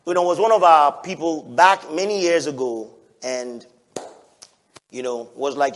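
A male pastor, preaching a lively sermon, often laughing and breaking into shouts. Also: on the high side, normal speed.

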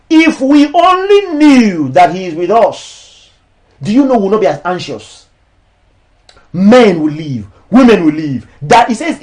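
Preacher, male, high and very animated voice, slow emphatic lines mixed with fast asides. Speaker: pastor. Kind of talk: sermon.

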